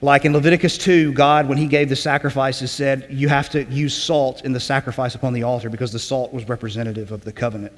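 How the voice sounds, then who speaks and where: A man preaching a sermon in a conversational teaching way, often checking in with "okay?" and clearing his throat. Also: mid-range voice, steady tone, fast talker, hardly any pauses, big-room sound. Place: church sanctuary.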